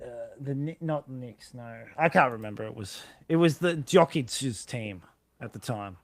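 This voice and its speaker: Animated and medium-pitched, this man talks at a normal speed with no echo. Co-hosting a relaxed podcast, he rambles, laughs a lot, and keeps correcting himself mid-thought.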